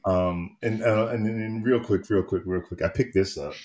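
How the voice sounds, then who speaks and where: A man co-hosting a casual chat show, telling stories with animated energy and frequent laughter. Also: lowish voice, moderate pace. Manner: animated storyteller, laughs often. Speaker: podcast co-host.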